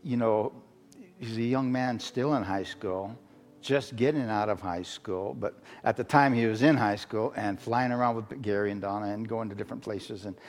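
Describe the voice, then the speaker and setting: A middle-aged man from Arizona, a guest preacher telling a story as a sermon testimony, halting, with many fillers and restarts. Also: on the low side. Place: church sanctuary. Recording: long hall reverb with faint music.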